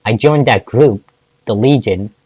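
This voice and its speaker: A man's voice: medium pitch, a little slow, dark tone, husky, no echo, lo-fi sound. A man reading fan fiction aloud, often stumbling and restarting words. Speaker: fanfic reader.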